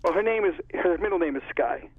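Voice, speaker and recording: A man's voice: high voice, animated, quick pace, dry recording. A man with a Connecticut accent, an author chatting in a casual interview and rambling through stories. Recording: tinny phone line, husky.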